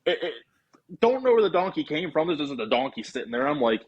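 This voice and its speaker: A man's voice: a little high, fast talker, dull audio, a little hiss or hum. A man casually telling a long story on a podcast, acting out what he and his friends said. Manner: animated storyteller, acting out his own quotes. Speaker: podcast guest.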